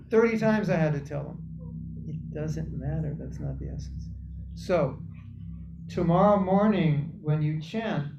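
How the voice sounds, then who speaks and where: A man giving a spiritual workshop talk to a live group, animated and teasing, mimicking voices and laughing often. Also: high voice, background noise. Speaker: spiritual teacher. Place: temple hall. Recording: echoey, dull room recording.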